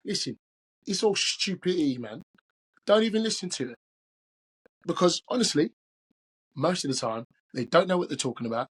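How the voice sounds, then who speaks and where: A man's voice: fairly high pitch, animated, normal speed, pauses often, slightly rough. A podcast host doing an amateur London accent as a father giving earnest, protective advice to his grown daughter. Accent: put-on London English. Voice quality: amateur mock British accent. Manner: earnest, protective, street-slang phrasing. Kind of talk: imagined talk to his daughter.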